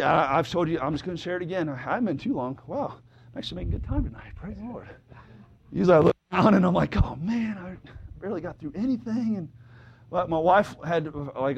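Fervent man in the pulpit, rasping high-pitched delivery, shouts and hallelujahs. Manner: fervent, calls out brother, sister, shouts hallelujah. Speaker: preacher. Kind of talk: sermon. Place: church service with congregation responding.

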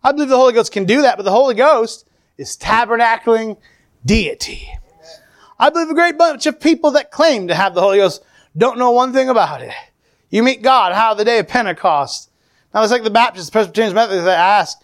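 A man's voice: very high voice, lively intonation, a little fast. A man preaching a fervent sermon to a congregation, calling out amen and praise the Lord.

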